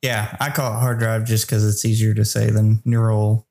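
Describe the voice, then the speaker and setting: A man hosting a casual movie review podcast, leading segments in a relaxed, steady way. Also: lowish voice, normal speed, gravelly. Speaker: podcast host.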